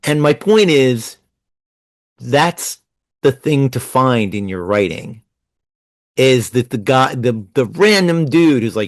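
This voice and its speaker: A man in his sixties from New Jersey, telling stories fast and animatedly as a guest in a casual interview. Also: medium pitch, no echo. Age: 60s. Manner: fast-talking, animated storyteller. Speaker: guest writer.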